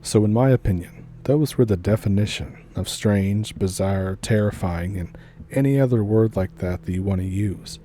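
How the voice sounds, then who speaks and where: A man narrating a first-person horror story as the channel host, in a steady, deliberate way. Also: fairly low pitch, a little hiss or hum.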